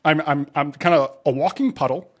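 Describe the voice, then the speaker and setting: A man guesting on a podcast, telling a self-mocking story in a casual, animated way. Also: on the high side, brisk.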